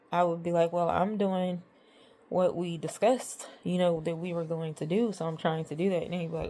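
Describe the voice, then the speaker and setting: A woman vlogger with a fairly low, mellow voice does a casual storytime monologue about arguments with her partner. She rambles and sounds exasperated while retelling what was said.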